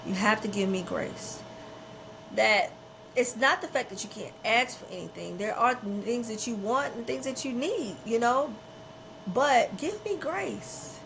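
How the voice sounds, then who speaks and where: A woman's voice: high voice, a bit bright, a little hiss or hum, poor audio. A middle-aged woman hosting a podcast, talking in a candid, emphatic and unfiltered way, often repeating herself for weight. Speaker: podcast host.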